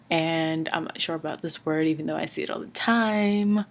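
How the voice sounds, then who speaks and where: A woman's voice: sits low, normal speed, few pauses. A young woman from Brooklyn, a college student chatting casually in her dorm room for a vlog, hesitant with many fillers. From Brooklyn, New York. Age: young adult. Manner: relaxed, hesitant with many ums and likes. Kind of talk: casual accent challenge vlog.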